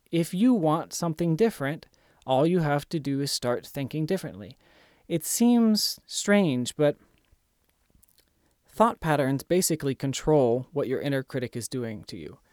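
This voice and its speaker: A man's voice: mid-range voice, darkish tone, no room sound, studio quality. A man giving earnest, emphatic self-help instruction in a coaching tone. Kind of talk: motivational instruction.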